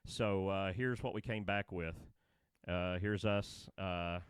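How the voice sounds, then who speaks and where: A man's voice: deep voice, takes it slowly, smooth, no echo. A man co-hosting a casual chat show, rambling and laughing as he tells stories. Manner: rambling, laughing, excitable storytelling. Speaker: podcast co-host.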